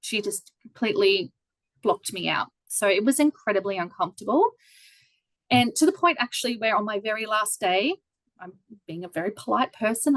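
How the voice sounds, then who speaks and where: An Australian woman in her thirties, a guest telling a story in a casual interview over a video call, lively and acting out quoted voices. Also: mid-range voice, dry recording, poor audio.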